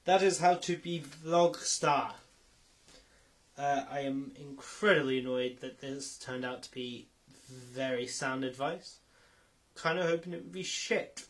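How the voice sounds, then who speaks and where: A man's voice: mid-range voice, measured pace. Rambling young man vlogging. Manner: rambling, self-correcting, swears casually. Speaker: YouTuber. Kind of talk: casual vlog commentary.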